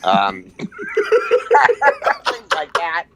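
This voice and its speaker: A man guesting on a comedy podcast, rambling and halting in casual chat, with frequent restarts and self-mocking asides. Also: fairly low pitch, lively intonation, very noisy.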